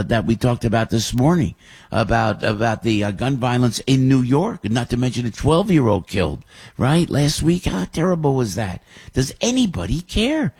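An older man co-hosting a morning radio show, rambling and animated, husky and gravelly as he tells stories. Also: medium pitch. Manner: rambling, animated storytelling with restarts. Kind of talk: casual morning radio chat.

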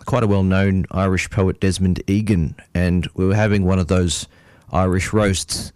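Low-voiced hesitant male radio host. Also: little pitch movement, normal speed, darkish tone, clean tone, no room sound, studio quality. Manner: hesitant, many fillers. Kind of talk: casual radio presenting.

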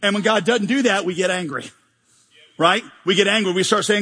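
A man preaching a sermon as pastor, animated and joking, often acting out mock prayers in a large church hall. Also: high-pitched, fairly quick, slightly rough. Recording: long hall reverb.

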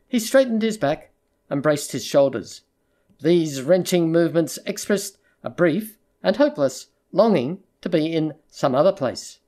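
An audiobook narrator reading a literary short story in a measured, even storytelling voice. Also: medium pitch.

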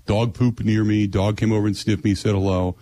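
A man's voice: fairly low pitch, level tone, a little fast, dark tone, dry recording. A middle-aged man hosting sports radio, telling a story in blunt, sarcastic, exasperated casual chat.

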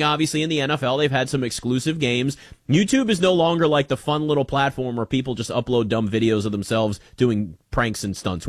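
A man's voice: on the high side, no echo, clean studio sound. A man hosting a sports talk show, giving casual, emphatic commentary and often restarting his sentences. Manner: emphatic, conversational, with frequent restarts.

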